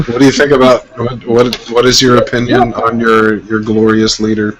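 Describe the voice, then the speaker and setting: A man's voice: mid-range voice, completely flat delivery, normal speed, a crowd in the background, poor audio. A man co-hosting a casual livestream, teasing and swearing freely. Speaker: stream co-host. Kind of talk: casual group chat on a livestream.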